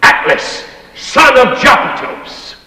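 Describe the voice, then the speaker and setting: An actor playing a pompous, cruel old master who holds forth theatrically in a declamatory manner. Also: male voice, mid-range voice, very animated, takes it slowly, sharp tone, full character voice. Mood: scornful. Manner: grandiose, mocking, declamatory. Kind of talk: stage play performance. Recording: echoey hall with long reverb.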